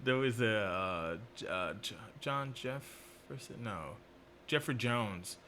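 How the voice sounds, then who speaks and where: A man chatting casually about work, laid-back and quick to laugh, acting out past conversations. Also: medium pitch, a little hiss or hum. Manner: laid-back, laughs often, animated retellings. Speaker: restaurant worker. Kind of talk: casual chat.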